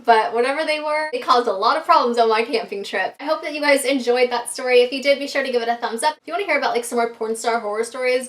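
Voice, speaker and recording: A woman vlogger with a fairly high voice tells a wild story straight to her viewers. She talks casually, packs her lines with fillers and the odd swear, and stays animated throughout.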